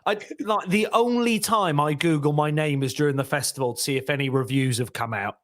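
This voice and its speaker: A man's voice: on the high side, a little fast. A man, a comedian guest on a podcast, chatting casually and acting out the people in his anecdotes. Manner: mimics people while telling anecdotes. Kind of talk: casual chat.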